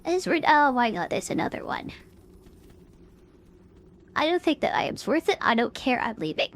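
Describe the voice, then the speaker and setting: A woman's voice: high voice, very animated, normal speed, slight background noise. A woman streamer giving chatty, casual commentary while playing a game and talking to her chat. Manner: chatty, filler-heavy, talks to chat.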